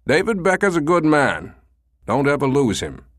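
A man's voice: fairly high pitch, big pitch swings, normal speed, no echo, clean studio sound, voice pushed up. A man voicing a stern, teasing male commander in an audiobook.

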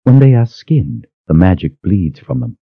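A man voicing a cold, cruel woman sorceress who speaks with measured, mocking calm in an audiobook. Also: low-pitched, no room sound, narrow, tinny audio, exaggerated voice. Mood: cold menace.

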